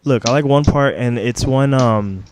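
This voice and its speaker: A man co-hosting a casual podcast, relaxed and laughing as he defends a film. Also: medium pitch, unhurried, a little hiss or hum. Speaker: podcast co-host. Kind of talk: casual chat. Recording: busy background chatter.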